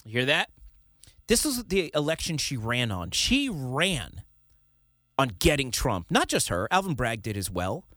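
A man hosting a political talk show, opinionated and animated, often laughing and mimicking the people he criticizes. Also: medium pitch, measured pace, no echo, studio quality.

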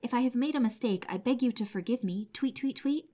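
A small pet sparrow from an old storybook, meek and truthful, her chirpy voice sitting high and bright. A woman reads her lines, the words come out as a gentle, sorry little apology. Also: brisk, natural voice. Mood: apologetic.

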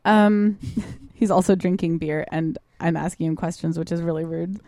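A woman's voice: on the low side, steady tone, normal speed, dark tone, dry recording. A woman hosting a podcast in casual, joking chat, laughing often and trailing off mid-thought. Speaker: podcast host.

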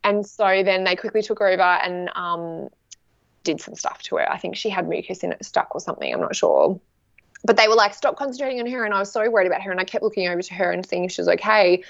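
A woman in her thirties chatting casually, telling a story with lively acted-out quotes. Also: medium pitch, quick pace, creaky, no room sound. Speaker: guest sharing a birth story. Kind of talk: casual chat. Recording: dry, slightly dull sound.

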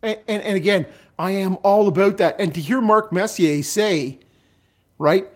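A man's voice: sits high, moderate pace. Blunt, swearing man. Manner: blunt, profane, repeats words when starting. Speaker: podcast co-host. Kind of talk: casual sports podcast chat.

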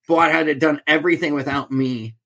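Man, middle-aged, storytelling guest, slightly higher voice, acts out both sides of a dialogue. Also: a little fast. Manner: animated storyteller, acts out quoted exchanges. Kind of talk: storytelling in a podcast interview.

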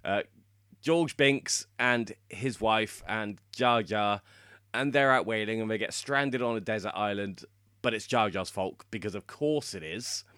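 A man's voice: lowish voice, measured pace, pushed and bright, smooth, no room sound, studio quality. A man co-hosting a podcast, explaining lore in casual chat and laughing often. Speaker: podcast co-host.

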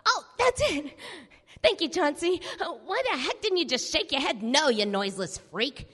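A taunting crook. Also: female voice, sits high, expressive, normal speed, a bit bright, big-room sound. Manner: mocking, theatrical taunting. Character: scheming female crook, sarcastic and boastful. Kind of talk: live radio play acting. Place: stage before a studio audience.

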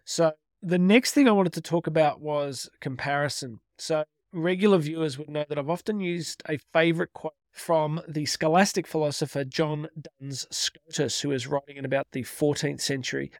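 A middle-aged man giving an energetic motivational talk, emphatic and repeating his key phrases. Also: a little high, dry recording, clean studio sound. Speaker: motivational speaker. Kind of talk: direct-to-camera motivational talk.

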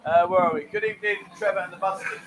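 This live-stream host speaks fast in a high-pitched, steady tone, with noise all around him in a bar lounge. He rambles casually, reads out comments from viewers, and keeps cracking cheeky jokes.

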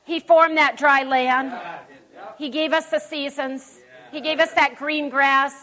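Woman preacher, high bright voice, folksy and emphatic, church sermon. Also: fairly even intonation, slow. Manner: emphatic, folksy, chatty asides. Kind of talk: conversational sermon. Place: church service.

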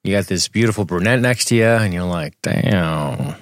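A man's voice: fairly low pitch, quick pace, no echo, studio quality. A young adult man co-hosting a podcast, joking crudely and rambling in casual banter. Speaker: podcast co-host.

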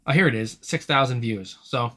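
A man's voice: mid-range voice, moderate pace, fairly bright tone. A young man co-hosting a casual horror movie podcast, laid-back, laughing often and swearing freely. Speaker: podcast co-host. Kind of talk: casual chat.

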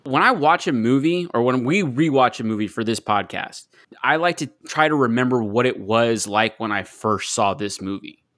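A man's voice: mid-range voice, expressive, moderate pace, a bit bright. A man co-hosting a podcast in casual chat who laughs often, swears, and makes his case with rhetorical questions. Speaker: podcast co-host.

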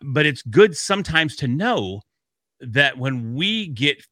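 A man's voice: medium pitch, big pitch swings, slow, sharp tone, no echo. A man co-hosting a podcast in casual chat, upbeat and joking. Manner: upbeat, joking, easily laughing. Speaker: podcast co-host.

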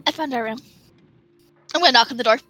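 A woman playing a tabletop game, playful and quick to laugh. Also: fairly high pitch, pushed and bright, low-quality recording. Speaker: player.

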